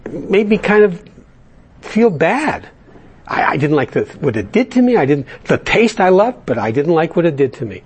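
A man with a slightly high, husky voice tells his own story of craving and recovery. He speaks earnestly and confessionally, stumbling over words and restarting his sentences as he goes. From Canada. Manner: halting, with frequent restarts and stammered repeats. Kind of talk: personal testimony talk.

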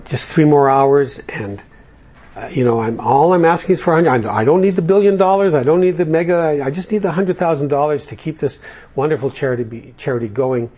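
A man playing a devout man bargaining with God in prayer, earnest and pleading. His voice is husky and close to his own. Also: fairly high pitch, brisk, darkish tone. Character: devout man praying earnestly for a lottery win.

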